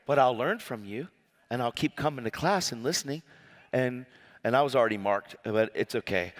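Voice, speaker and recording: A man preaching a storytelling sermon, animated and often laughing as he acts out conversations. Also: medium pitch, normal speed. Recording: long reverb of a hall.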